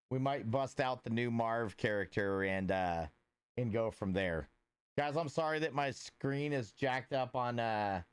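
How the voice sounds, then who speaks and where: Rambling man, smooth and dry. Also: fairly low pitch, dry recording. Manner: rambling, with many filler words and restarts; laid-back and friendly, greeting viewers by name. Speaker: livestreamer. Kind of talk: casual livestream chat with viewers.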